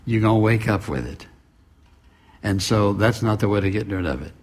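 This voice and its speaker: A man's voice: fairly low pitch, lively intonation, moderate pace. A man preaching a sermon, emphatic and full of rhetorical questions and repeated phrases. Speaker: pastor.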